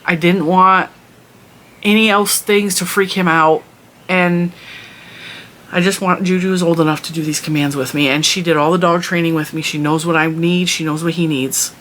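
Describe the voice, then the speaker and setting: Bright-voiced woman chatting in a vlog. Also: lowish voice, fairly even intonation, normal speed, a little hiss or hum. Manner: chatty, rambling with many restarts. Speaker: vlogger and mother. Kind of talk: casual storytelling vlog.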